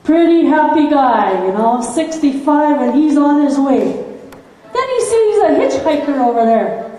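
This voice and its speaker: A woman emcee tells a joke from a festival stage, chatty and folksy. Her voice is high-pitched. The loudspeaker sound is very echoey with a long, hall-like reverb. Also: big pitch swings, measured pace. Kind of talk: live stage announcing and joke telling.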